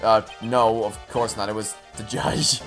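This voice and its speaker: A man's voice: fairly low pitch, flat delivery, a little slow, a bit bright, soft background music. A man playing through a video game and reading its dialogue aloud with playful, joking asides. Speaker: let's play gamer.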